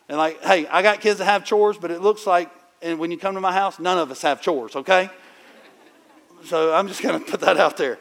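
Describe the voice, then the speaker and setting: A middle-aged man preaching in a conversational, animated storytelling way, with sudden loud bursts. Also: high-pitched, moderate pace, gravelly. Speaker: pastor. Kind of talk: sermon.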